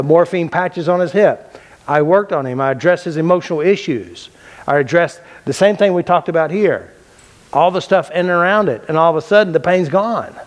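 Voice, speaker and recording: Emphatic man lecturing a class. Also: fairly high pitch. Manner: emphatic, repeats key phrases, asks and answers his own questions; casual and blunt, with loose restarts. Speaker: teacher of a mind-body healing method.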